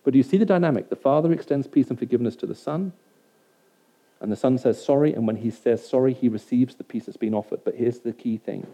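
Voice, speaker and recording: In a mellow, medium-pitched voice, a man preaches quickly to a hall audience of around a hundred. He talks conversationally and keeps checking in, asking if it all makes sense. The recording is dull and lo-fi.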